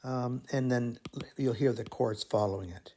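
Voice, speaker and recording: A man teaching melody writing in a slow, musing, think-aloud way, humming phrases as he explains. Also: mid-range voice, fairly even intonation, warm tone. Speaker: music teacher. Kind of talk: thinking-aloud composition tutorial.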